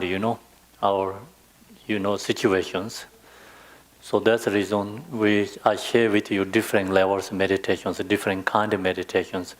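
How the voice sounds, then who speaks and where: Slow, low-voiced man teaching meditation. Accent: Tibetan. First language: Tibetan. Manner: slow, patient, non-native phrasing with many fillers. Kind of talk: dharma teaching.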